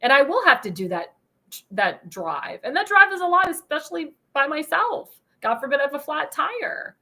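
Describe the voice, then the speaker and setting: High, bright-voiced ranting woman host. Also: big pitch swings, normal speed. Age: young adult. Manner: indignant, ranting, addresses viewers directly. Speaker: talk show host. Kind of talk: opinion monologue.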